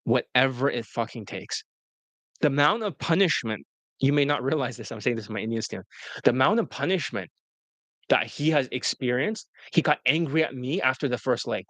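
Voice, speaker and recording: A man's voice: medium pitch, animated, a little fast, fairly bright tone, no echo. A man, a dating coach, telling stories to an interviewer in a blunt, profane, rambling way. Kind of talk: casual storytelling to an interviewer.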